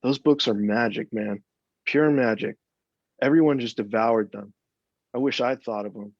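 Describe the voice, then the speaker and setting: A man's voice: medium pitch, moderate pace, no room sound, lightly acted. A man voicing a nervous, rambling American horror writer with an American accent, read aloud from a story. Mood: gushing. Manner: jittery, rambling, says "man" a lot. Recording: dull, dry, lo-fi sound.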